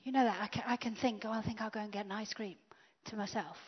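A woman preaching a sermon, swinging from loud declarations to hushed whispers. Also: mid-range voice, steady tone, fast, slightly rough. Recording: dull lo-fi sound.

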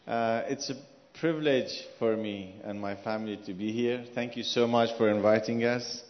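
A man's voice: lowish voice, steady tone, long reverb tail, lo-fi sound. A man from Iran with an Iranian accent, earnestly answering questions as a guest at a church gathering. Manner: earnest, speaking slowly with a foreign accent. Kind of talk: church interview.

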